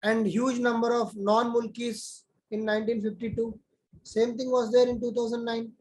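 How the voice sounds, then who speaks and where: A man's voice: extremely high pitch, little pitch movement, moderate pace, low-quality recording. A man teaching an online class, talking conversationally and calling on students by name.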